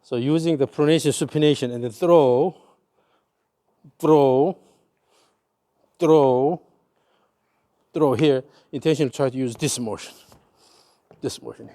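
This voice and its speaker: A man's voice: medium pitch, quick pace, mellow. A man with a Korean accent giving hands-on golf swing coaching, repeating short cues in rhythm as his student swings.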